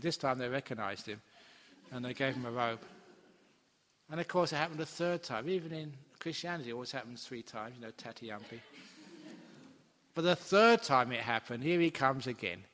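Monk telling a story in a hall. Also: male voice, mid-range voice, fairly quick, fairly bright tone. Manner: chatty storyteller, acts out the characters, chuckles. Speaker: Buddhist monk teacher. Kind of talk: dharma talk storytelling. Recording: long hall reverb.

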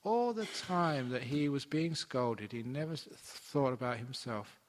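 In an expressive, unhurried mid-range voice, a Buddhist monk shares a dharma teaching story with an audience. He chats casually and acts out the characters, while the hall adds a long reverb.

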